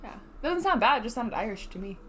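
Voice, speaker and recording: A woman's voice: a little high, big pitch swings, quick pace, sharp tone, slight background noise. A woman co-hosting a stream, chatting casually in a playful, giggly way. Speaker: stream co-host.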